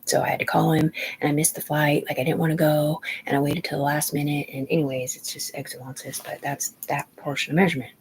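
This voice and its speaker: A woman's voice: sits low, flat delivery, fast talker, hardly any pauses, slight background noise, poor audio. A woman in her forties telling a long personal story on a livestream, rambling and agitated, swearing often and restarting her sentences. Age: 40s.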